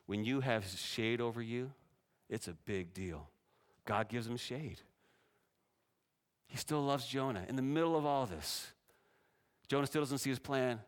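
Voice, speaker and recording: A middle-aged man preaching a sermon, animated, acting out the lines of the figures he talks about. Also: a little slow, long pauses, clear, resonant tone. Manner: animated, voices God and Jonah with rising pitch and force. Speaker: pastor.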